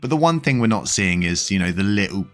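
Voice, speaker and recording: A man with a very deep, low voice speaks in an easygoing, unscripted way, full of ums and restarts. He sounds like a vlogger chatting straight to his audience, while soft music plays quietly behind him. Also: expressive, a little fast. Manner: chatty, many fillers and restarts, chuckles now and then. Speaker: crypto news vlogger. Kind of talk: casual commentary to camera.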